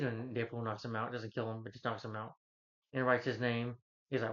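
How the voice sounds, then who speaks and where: Male reviewer, middle pitch, casual rambling plot recap with chuckles, dull lo-fi sound. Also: little pitch movement, a little fast, a bit bright. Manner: rambling, chuckling, restarts, acts out quotes in a higher voice. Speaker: movie reviewer. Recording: dull lo-fi recording.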